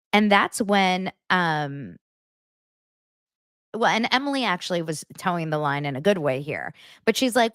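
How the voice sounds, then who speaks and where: Woman gossiping about reality tv, lowish voice, super animated pitch, dry close sound. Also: moderate pace, dry recording. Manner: animated, chatty, addresses viewers directly. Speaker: host.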